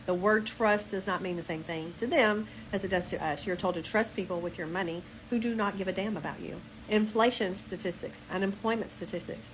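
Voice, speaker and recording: A woman's voice: fairly low pitch, background noise. A woman delivering a firm, conspiratorial scripted monologue.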